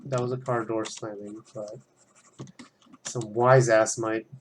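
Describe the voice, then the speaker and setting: A man's voice: lowish voice, level tone, takes it slowly, a little hiss or hum. A young man chatting casually and rambling as he works on a drawing at home, swearing freely. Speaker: art student drawing on stream. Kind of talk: casual commentary while drawing.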